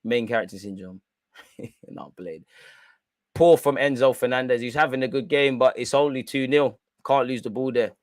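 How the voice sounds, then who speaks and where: A man's voice: mid-range voice, brisk, hardly any pauses, no room sound. Young guy on a watch-along stream, slangy, chatty, talks to chat, dry close mic. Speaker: live stream host. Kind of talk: casual football watch-along commentary.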